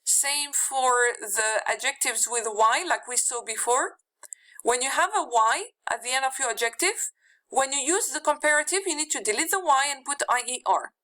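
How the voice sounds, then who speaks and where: High, bright-voiced woman teaching slowly. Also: animated, poor audio. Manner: patient, repeats example words slowly; walks through rules step by step. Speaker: English teacher. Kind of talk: grammar lesson.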